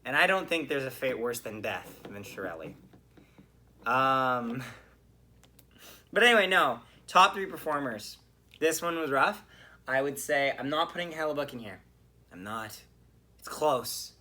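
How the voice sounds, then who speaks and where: A man hosting a podcast, reacting to a hockey game in a casual, animated way, with bursts of swearing. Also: mid-range voice, a little slow, pauses often. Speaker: podcast host.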